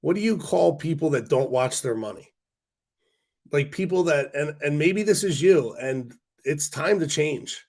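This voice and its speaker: A man's voice: a little high, animated, unhurried, a little mellow. Man, livestream host, congested and losing his voice, rambling, blunt, swears casually. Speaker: stock market livestream host. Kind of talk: casual livestream rant to viewers.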